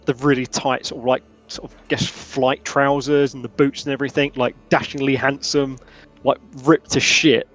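A man's voice: medium pitch, little pitch movement, normal speed, faint music behind. Rambling man running a tabletop game. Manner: rambling, full of fillers. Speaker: game master.

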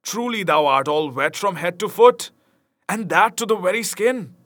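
Male reader doing an excited young outlaw, high and distant-sounding. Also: moderate pace, no echo.

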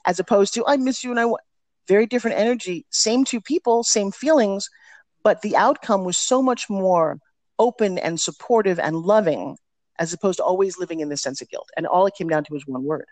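A woman's voice: medium pitch, brisk, darkish tone, no room sound. A middle-aged woman speaks as an interview guest, telling stories with energy and emphasis. Her voice is recorded close and dry, with no room sound around it. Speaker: podcast guest, personal development teacher. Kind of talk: casual interview storytelling.

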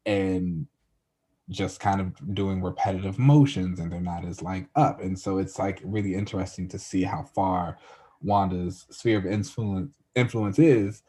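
A man's voice: low voice, fairly even intonation, unhurried, mellow, slightly rough. A man co-hosting a casual TV recap, easygoing and agreeable, laughing often. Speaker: podcast co-host.

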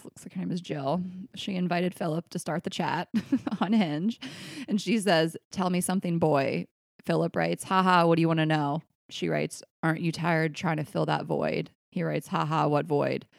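A woman co-hosting a casual podcast, reading out listener messages with frequent giggles. Her voice sits on the lower side, and the recording is dry and close with no room sound. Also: steady tone, moderate pace, vocal fry, dry recording. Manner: giggly, breaks into high laughter. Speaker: podcast co-host.

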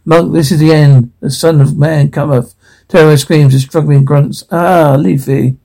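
A man reading a drama script aloud, sound cues and all, in a halting way with frequent restarts. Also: fairly high pitch, steady tone, creaky, mellow, rough recording.

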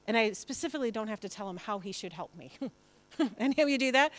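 A woman pastor preaches to her church with a bright, high-pitched voice. She talks in a conversational, emphatic way. She often slips into acted-out quotes. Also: fairly quick. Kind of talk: sermon.

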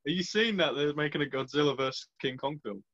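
A man's voice: on the high side, a little fast, a bit bright. A young man, bantering playfully in a casual chat. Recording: dull lo-fi sound.

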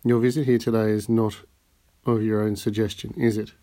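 A guy reading a calm, polite rich count, low voice, measured and in control. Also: natural voice. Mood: composed. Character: composed, courteous wealthy nobleman, male.

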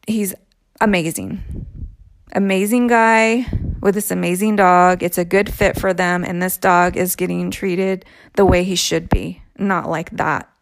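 A woman telling a personal story in a casual, unhurried way, pausing and sighing between thoughts. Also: fairly low pitch, no room sound, clean studio sound. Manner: slow, unhurried, with sighs and trailing pauses.

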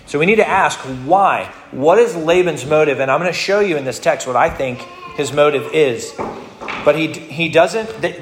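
A male pastor with a slightly high voice teaches through scripture in a loose, conversational way, often restarting his phrases. His words echo around a roomy church hall over a faint background hiss. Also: normal speed. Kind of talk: expository sermon.

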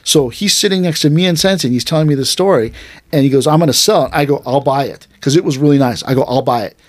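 A man with a slightly higher voice spins casual stories about training at his dojo. He slips into the voices of the people he quotes, and the sound is close and dry, with no room around it. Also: fast talker, no room sound. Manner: animated, acts out quotes of his teacher and students. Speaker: aikido dojo teacher, podcast host. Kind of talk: casual storytelling chat.

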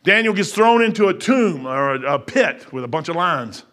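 A middle-aged man preaching a sermon in a folksy, emphatic way, repeating phrases and swinging between raised passages and quiet asides. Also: sits high, expressive, moderate pace.

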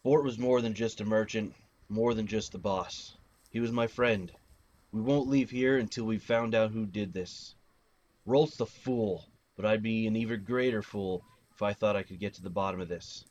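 Man voicing an earnest, grieving working woman, lowish voice with faint hiss behind, for a tabletop game. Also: fairly even intonation, normal speed, darkish tone, natural voice. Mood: heartfelt. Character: grieving female merchant's worker, earnest.

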